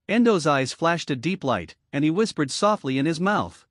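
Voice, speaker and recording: A man narrates an anime recap at a steady reading pace, his pitch moving up and down a lot. The recording is dry and close, with no room sound. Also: normal speed, hardly any pauses, no echo.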